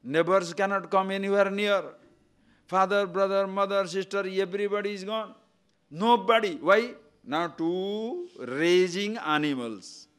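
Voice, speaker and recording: An older man, giving a spiritual discourse full of rhetorical questions and repeated words, his pitch and loudness rising and falling widely. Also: a little slow, smooth. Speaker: spiritual teacher.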